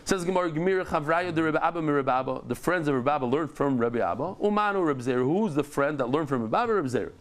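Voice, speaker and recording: A middle-aged man teaching a daily Talmud class, animated, telling stories with lively joking asides. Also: fairly high pitch, fast, few pauses.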